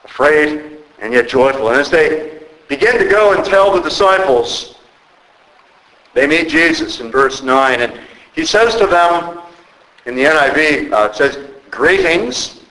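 Slow, echoey-voiced male preacher. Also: fairly high pitch, expressive, fairly bright tone. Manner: slow, emphatic preaching with dramatic pauses. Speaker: pastor. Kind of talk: sermon.

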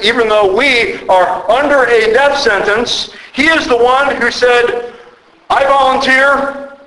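A man preaching a sermon as pastor, slow and emphatic with dramatic pauses. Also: sits high, fairly bright tone, echoey room, low-quality recording.

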